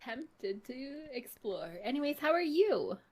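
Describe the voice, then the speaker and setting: A woman co-hosting a podcast in casual chat, telling stories with animated quotes. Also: high-pitched, a little slow. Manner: animated storytelling, acts out her own quotes. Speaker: podcast co-host.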